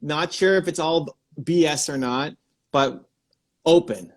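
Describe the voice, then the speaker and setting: A man hosting a live stream, giving energetic advice and thinking out loud in quick bursts. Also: on the high side. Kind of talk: excited live-stream coaching chat.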